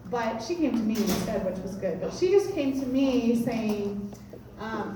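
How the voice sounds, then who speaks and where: Animated woman giving a pep talk. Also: a little high, a little slow, a little hiss or hum. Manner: animated storytelling, laughs often. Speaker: team leader presenting. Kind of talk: motivational sales talk. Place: meeting room with audience. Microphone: far from the mic. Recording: echoey room from far off.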